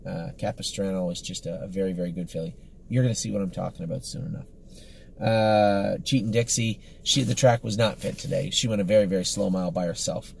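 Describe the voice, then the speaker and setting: A horse trainer talks through his horses in a casual, rambling way, upbeat and full of fillers and self-corrections. The man's voice sits low. A faint hiss runs under the recording. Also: fairly even intonation, a little fast, vocal fry, darkish tone. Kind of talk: casual spoken training report.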